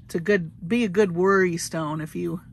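With a gravelly, low-leaning voice at normal speed, a woman chats and gushes as she presents her bead haul. She's a crafting vlogger doing a casual show-and-tell, recorded with a little hiss or hum.

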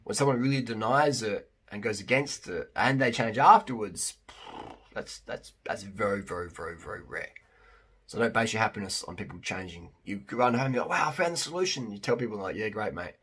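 A man's voice: fairly low pitch, normal speed, a bit bright, husky. A man talking casually to camera as a fitness vlogger and coach, emphatic and blunt, with many restarts.

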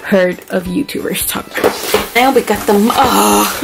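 A woman's voice: medium pitch, slow, vocal fry, background noise. A young woman in a beauty vlog, unboxing a new camera and gushing over each item with breathless exclamations. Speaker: beauty vlogger.

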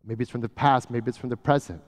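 A man preaching a sermon as pastor, talking casually and often dropping to a soft, hushed voice. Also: mid-range voice, steady tone, quick pace. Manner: conversational, often drops to a soft hush. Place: church sanctuary. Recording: church hall with long reverb.

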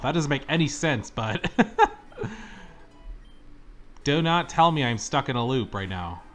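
A young man talks through his gameplay in a mid-pitched, casual voice, with soft game music under him. He grumbles and rants at the game with theatrical exasperation. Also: lively intonation, normal speed. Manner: exasperated, dramatic complaining, yells at the game. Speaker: let's-play gamer. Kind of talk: gameplay commentary. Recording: faint game music behind.

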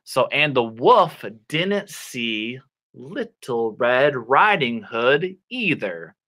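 A man teaching children English online, reading a storybook and acting out words in a slow, clear, animated way. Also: medium pitch. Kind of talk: playful ESL lesson for children.

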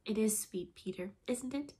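Woman reading a prim little storybook mother, gentle, high and a bit proper. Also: moderate pace, natural voice. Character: motherly girl, prim and earnest.

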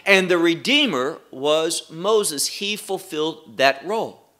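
Slow, bright-voiced male Bible teacher. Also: fairly high pitch, lively intonation. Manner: deliberate, emphatic teaching with pauses. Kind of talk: Bible study lecture.

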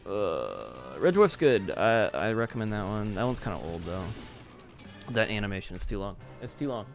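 A man's voice: lowish voice, sing-song, normal speed, vocal fry, faint music behind. A young man playing a video game, chatting casually and grumbling about how hard it is. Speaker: player in a game playthrough. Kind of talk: casual gaming chat.

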